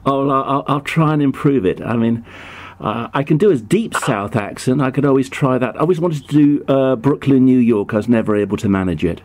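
A man's voice: medium pitch, fairly quick, few pauses, darkish tone. A man making a prank phone call in a put-on, poorly done American accent, hesitant and mock-innocent, full of ums and restarts. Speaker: prank caller.

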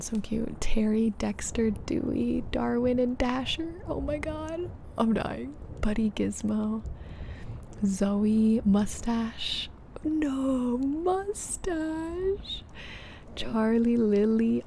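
A young woman hosting an ASMR livestream, chatting in a hushed, half-whispered voice and reading out names from the chat. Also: a little high, gravelly, a little hiss or hum.

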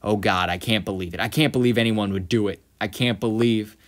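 Guy reading the lines of a drunk bitter old vigilante falling apart, kinda low, slow and loud. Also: natural voice. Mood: despairing. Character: bitter, drunken aging male vigilante breaking down.

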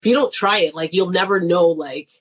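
A woman's voice: lowish voice, a little fast, breathy edge. A woman in her thirties, a comedian and nurse, chatting casually as a guest, laughing often and acting out quoted voices. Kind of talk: casual chat.

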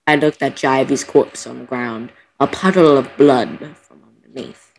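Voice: medium pitch, measured pace, vocal fry, a little hiss or hum, rough recording. A person on a voice call reading a creepy story aloud through a computer mic, melodramatic and now and then breaking off. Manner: melodramatic, breaks off with gasps and giggles.

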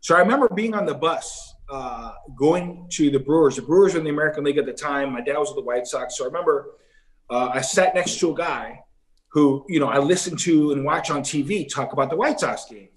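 A former ballplayer, now middle-aged, tells stories in an easygoing interview, his voice on the high side and his delivery a little fast. He's animated throughout and acts out the things other people said.

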